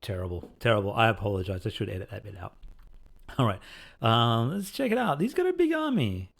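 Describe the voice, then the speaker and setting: A man casually talking through a playthrough of the game he is developing, relaxed and rambling with lots of fillers. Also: mid-range voice, a little fast, creaky. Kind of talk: casual gameplay devlog commentary.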